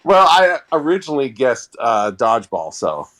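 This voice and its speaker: A man's voice: medium pitch, sing-song, normal speed, a bit bright. A man guesting on a podcast, easygoing and self-deprecating in casual chat.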